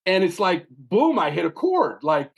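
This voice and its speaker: Lively higher-voiced man telling stories. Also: measured pace, vocal fry, slightly rough, dull audio. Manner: animated storyteller, often ends phrases with "man". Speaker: podcast host. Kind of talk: casual storytelling chat.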